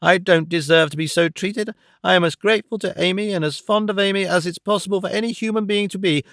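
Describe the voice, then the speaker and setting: A man reading an audiobook voices a tearful, self-pitying young woman, speaking high and hurried through sobs. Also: fairly even intonation, vocal fry, fairly bright tone, clean tone, no echo, clean studio sound. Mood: sobbing protest.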